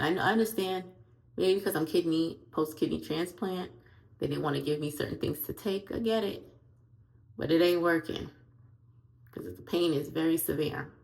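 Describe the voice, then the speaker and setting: A woman talking to her viewers in a casual video diary, winded and out of breath, with weary, halting speech that often drops toward a whisper. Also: on the low side, creaky. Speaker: vlogger.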